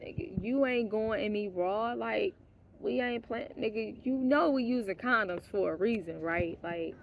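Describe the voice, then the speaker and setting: A woman vlogger telling a personal story in a casual monologue, blunt and profane, dropping to hushed asides and then rising into heated outbursts, laughing now and then. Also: on the high side, measured pace, creaky, highs cut off, slight background noise. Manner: laughs mid-sentence.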